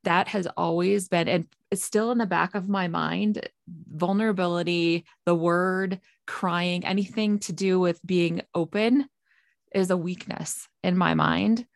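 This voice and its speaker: A woman's voice: fairly low pitch, fairly even intonation, measured pace, creaky, dry recording, clean studio sound. A woman speaking as a podcast guest, hesitant and thoughtful about opening up. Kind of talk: reflective podcast conversation.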